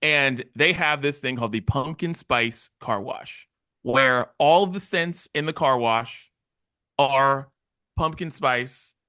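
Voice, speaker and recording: Bright, animated podcast man. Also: mid-range voice, slow pace, dry recording, clean studio sound. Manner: animated storytelling with acted-out quotes. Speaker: podcast co-host. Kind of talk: casual chat.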